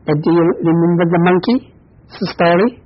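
A man giving a Buddhist dharma talk as teacher, in halting non-native English full of fillers and soft chuckles, with a husky voice. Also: sits high. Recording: dull lo-fi recording.

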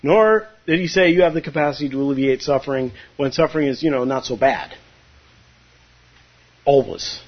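A man's voice: mid-range voice, fast talker, few pauses. A man giving a conversational, humorous Zen dharma talk, now and then acting out his students' voices. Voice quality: husky. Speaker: Zen teacher. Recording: dull lo-fi recording.

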